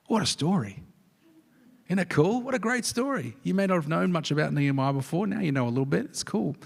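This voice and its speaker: A man preaching a sermon as a pastor, telling the story with animated swings from hushed whispers to rousing calls. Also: on the high side, vocal fry. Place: church hall. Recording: hall reverb.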